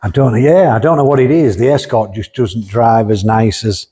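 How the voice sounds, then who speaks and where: A man's voice: medium pitch, normal speed, dark tone, slightly rough. A man hosting a car workshop vlog, blunt and joking as he chats and walks around cars. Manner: blunt, joking, laughs often. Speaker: workshop owner and host. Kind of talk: casual banter and car walkaround.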